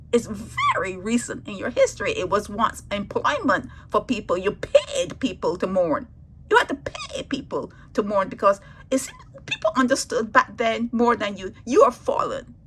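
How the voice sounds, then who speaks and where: A woman vlogger with a husky, medium-pitched voice gives her viewers an impassioned, preachy monologue. She repeats her points emphatically, shifting between loud stresses and hushed asides, on a rough recording.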